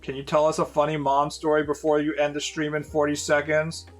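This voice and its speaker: A man's voice: fairly high pitch, completely flat delivery, brisk, faint music behind. A man in his late thirties, a streamer casually telling rambling, profane stories to his viewers with lots of fillers. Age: 30s.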